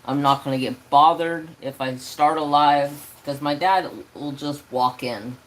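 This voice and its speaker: A man's voice: on the high side, fairly even intonation, a little slow, fairly bright tone, rough recording. A man hosting a casual crafting livestream from his home craft room, rambling loosely and swearing now and then.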